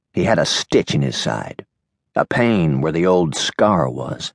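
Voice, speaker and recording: A man narrating an audiobook in a measured, expressive way. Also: very deep voice, gravelly, dry recording, studio quality. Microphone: studio microphone.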